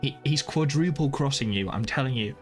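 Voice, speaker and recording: A man with a sore throat, commentating a game live on stream in an excitable, jokey way, reacting out loud. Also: medium pitch, brisk, soft background music. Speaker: gaming streamer.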